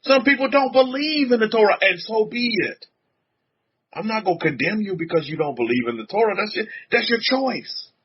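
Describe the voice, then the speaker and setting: A man's voice: high-pitched, lively intonation, moderate pace, slight background noise. A man, a rabbi, giving an informal sermon in a chatty, repetitive way, often chuckling and speaking straight to his congregation. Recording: dull lo-fi recording.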